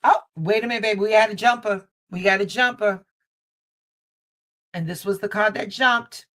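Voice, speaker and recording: At normal speed and in a mid-range, slightly bright voice, a tarot reader gives a live card reading through a basic streaming setup. Affectionately, she calls the viewer baby and mama and repeats her phrases for emphasis.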